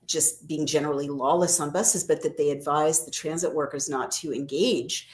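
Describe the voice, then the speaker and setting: A middle-aged woman co-hosting a casual talk show, chatty and animated, speaking warmly to her co-host and viewers. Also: low voice, normal speed. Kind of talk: casual chat.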